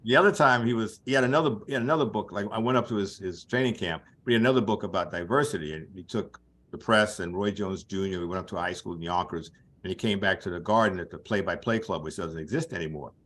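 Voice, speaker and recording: A man's voice: deep voice, fast talker, a bit bright. An older man, a guest sports journalist, telling rambling anecdotes in a casual chat, chuckling now and then.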